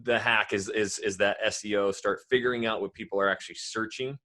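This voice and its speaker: A man, a real estate agent guest, telling lively stories in casual podcast chat and swearing freely. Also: fairly low pitch, a little fast. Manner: animated, swearing, full of storytelling.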